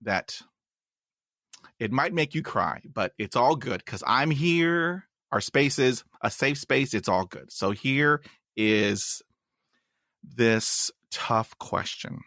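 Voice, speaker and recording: Man, podcast host, stutters, slow delivery, bursts of high whoops, dry close sound. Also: animated, sharp tone, no room sound. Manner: stutters, with repeats and restarts; exuberant, with sudden high whoops. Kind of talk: casual interview chat. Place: in Texas.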